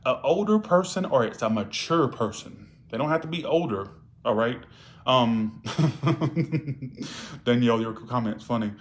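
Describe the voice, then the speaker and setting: A man's voice: mid-range voice, lively intonation, measured pace. Blunt, profane male tarot reader. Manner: casual, repeats "all right?". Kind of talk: live-stream tarot reading.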